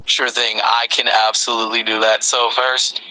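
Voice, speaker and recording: A man's voice: medium pitch, little pitch movement, moderate pace, pushed and bright, low-quality recording. A male AI voice assistant acting as a friendly conversation partner, upbeat and reassuring.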